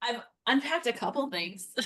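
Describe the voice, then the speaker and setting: A woman with a Western Canadian accent co-hosting a live crafting stream, chatty and quick to laugh. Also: on the high side, lively intonation, fairly bright tone. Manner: giggly, chatty, laughs often. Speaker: co-host of a live scrapbooking stream. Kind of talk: casual chat.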